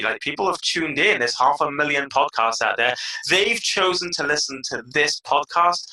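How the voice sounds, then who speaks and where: A man in his thirties with a British accent, a podcast guest telling stories in an energetic, animated way. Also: medium pitch, normal speed, hardly any pauses, low-quality recording. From England (London). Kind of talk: casual interview chat.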